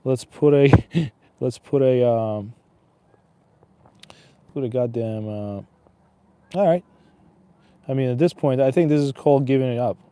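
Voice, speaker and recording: A man's voice: medium pitch, a little slow, long pauses, dark tone, smooth, no echo. A man chatting casually and wryly to himself and passersby while fishing outdoors by an icy river, streaming live. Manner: rambling, wry, talks to himself and passersby.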